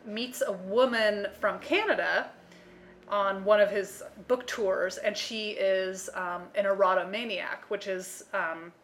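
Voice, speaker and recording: A woman's voice: mid-range voice, fairly even intonation, slow pace, a bit bright. An American woman co-hosting a podcast, chatting casually with lots of fillers and acting out quoted voices. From United States. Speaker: podcast co-host. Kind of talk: casual chat.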